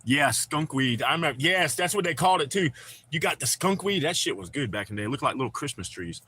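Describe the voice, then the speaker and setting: A man's voice: fairly high pitch, expressive, quick pace, bright, forceful tone, slight background noise. Profane, chatty man streaming. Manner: loose and profane, chatting with viewers. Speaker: live streamer. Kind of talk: casual live-stream chat.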